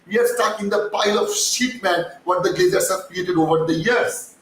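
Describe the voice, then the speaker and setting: A man's voice: sits high, normal speed. A man hosting a live-stream fan commentary, ranting heatedly, swearing and then apologizing for getting worked up. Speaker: fan channel host. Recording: echoey distant mic with faint noise.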